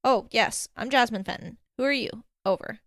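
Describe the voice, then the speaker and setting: Brief: woman doing a quick, earnest young woman, a bit flustered, dry close mic. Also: on the high side, no echo, lightly acted. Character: young woman, anxious but sharp older sister.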